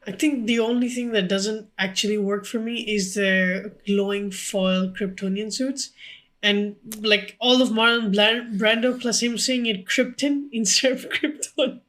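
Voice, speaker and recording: A podcast co-host in casual film chat, talking quickly and informally, with frequent "like"s and swearing. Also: medium pitch, fairly even intonation, a bit bright.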